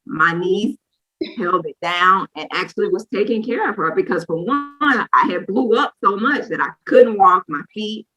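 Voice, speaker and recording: A woman, co-hosting a casual chat and telling a lively personal story, acting out what people said. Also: mid-range voice, moderate pace, low-quality recording. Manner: lively storyteller who acts out quotes. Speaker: co-host sharing a personal story.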